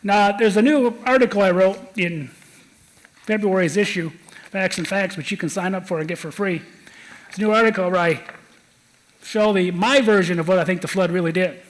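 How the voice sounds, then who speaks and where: A man's voice: high voice, moderate pace, low-quality recording. A man with a Michigan accent giving a conversational geology lecture from slides, often repeating words as he explains. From Michigan, United States. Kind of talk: lecture presentation.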